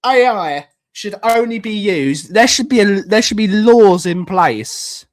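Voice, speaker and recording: A man's voice: high voice, lively intonation, takes it slowly. Rambling, joking man streaming live. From United Kingdom. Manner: rambling, repeats himself, jokey. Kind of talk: casual live-stream chat.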